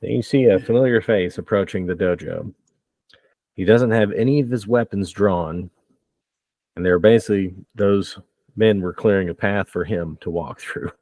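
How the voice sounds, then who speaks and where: A man running a tabletop game as game master, narrating with relaxed banter and frequent laughs. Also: deep voice, moderate pace, dry recording.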